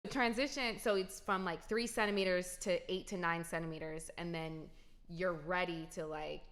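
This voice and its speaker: A woman's voice: lowish voice, fairly even intonation, moderate pace, a bit bright. A young adult woman telling a personal story to her viewers in a casual, emphatic way. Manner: emphatic, talks straight to viewers. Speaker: vlogger.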